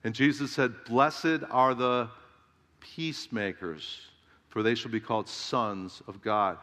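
A man's voice: mid-range voice, takes it slowly, a bit bright. A middle-aged man pastor preaching a sermon with emphatic delivery, firing rhetorical questions at his congregation. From Southern California. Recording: long reverb of a large hall.

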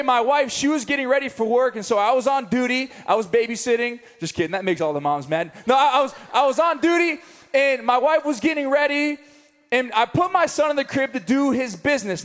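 A young man preaching a sermon, telling a story with animated comic asides. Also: extremely high pitch. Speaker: pastor. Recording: long reverb of a large hall.

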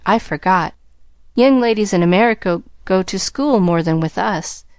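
A woman's voice: mid-range voice, normal speed, darkish tone, clear, resonant tone, no echo, natural voice. Condescending young English lady, voiced by a woman narrator, haughty, dry close sound. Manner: patronizing, haughty.

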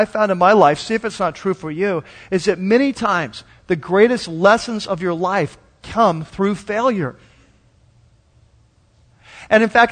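A man preaching a sermon as a pastor, conversational and animated, acting out quoted voices. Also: high voice, in a large hall.

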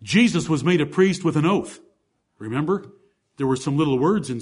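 A man's voice: on the high side, lively intonation, normal speed, a little mellow, slightly rough. A man preaching a sermon, teaching through Bible verses one by one in an emphatic way and asking the congregation rhetorical questions.

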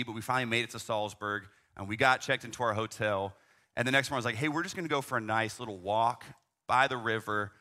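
A young youth ministry leader with a medium-pitched, pushed, bright voice tells a travel story conversationally. He scatters his storytelling with asides like "man" and "right?"

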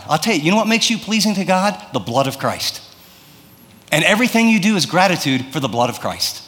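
Male pastor, high voice, casual preaching style, long echo of a big room. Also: lively intonation, brisk, a bit bright. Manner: conversational preaching with acted-out prayers and anecdotes. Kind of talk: sermon.

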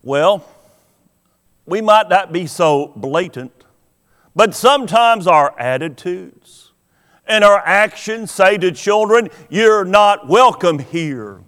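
Preaching slowly with long pauses, a pastor with a high, animated, slightly bright voice tells stories and asks his congregation questions. He's in a church sanctuary, and the sound has a long hall reverb.

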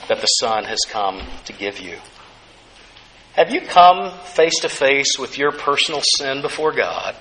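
A male pastor preaching a sermon, earnest and gentle, repeating key phrases softly for emphasis. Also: medium pitch, slight background noise, poor audio.

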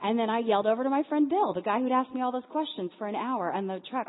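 A woman telling a personal story in a sermon, acting out the voices of the people in it with lively energy. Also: fairly high pitch, fast. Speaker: speaker at a church Lent series. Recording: phone-like sound in a big reverberant hall.

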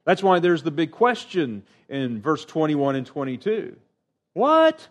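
A middle-aged man preaching a sermon, earnest and emphatic, with sudden rises in pitch and lines that trail off quietly. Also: expressive, normal speed.

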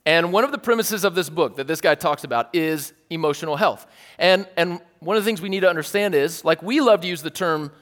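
A man preaching a casual, earnest sermon with a slightly raised pitch. His delivery is animated, with wry little asides. The sound carries a long hall reverb. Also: a little fast. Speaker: pastor.

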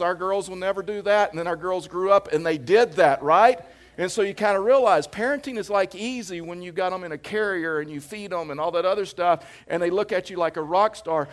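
A middle-aged man preaching to his congregation with a fairly high voice. He keeps it conversational, building points through repetition. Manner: conversational, anecdotal preaching with jokes; emphatic, repeats phrases for effect. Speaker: pastor. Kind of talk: sermon.

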